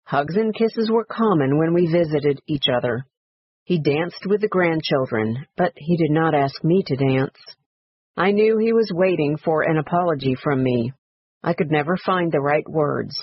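A man reading a story aloud in a quiet, reflective, measured way, in a dry, slightly dull recording. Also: on the high side, husky, dry recording. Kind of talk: read-aloud story narration.

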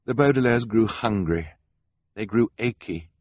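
A man's voice: fairly low pitch, unhurried, darkish tone, dry recording. A man narrating a storybook with a wry, melancholy storyteller manner, close to the microphone. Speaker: audiobook narrator.

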